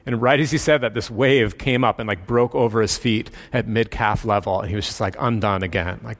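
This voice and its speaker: A man's voice: on the low side, fairly quick, hardly any pauses. Conversational man preaching a sermon. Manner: conversational, relaxed storyteller with fillers. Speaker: pastor. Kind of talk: sermon storytelling.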